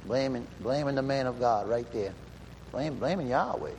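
A man's voice: medium pitch, moderate pace, a little mellow, a little hiss or hum. A man preaching a sermon and reading scripture aloud, emphatic and questioning, often repeating himself. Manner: emphatic, repeats and rephrases, asks the room questions. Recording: hall reverb, faint ambience.

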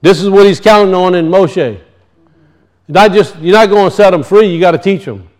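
A man preaching a sermon, emphatic, slowing down to teach word meanings and dropping low and quiet for weight. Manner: emphatic, slows to teach words, drops low and soft for weight.

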